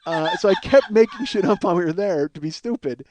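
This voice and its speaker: Profane, animated man telling a comic story. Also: high-pitched, fairly quick, slight background noise. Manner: profane, animated, acts out quoted dialogue. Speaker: podcast host.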